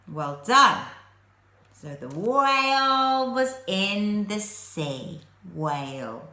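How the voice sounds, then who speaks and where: A woman teaching phonics to young children, sounding out letters slowly and clearly, with an English accent. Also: fairly low pitch, pushed and bright, echoey room.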